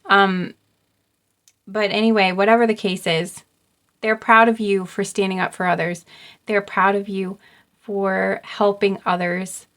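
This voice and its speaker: A young woman does an intuitive card reading for her viewers. She talks in a soft, halting way, restarting her sentences and filling pauses with ums. Her pitch stays level and even throughout. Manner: soft, halting, repeats herself, many ums. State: getting choked up. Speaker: tarot card reader.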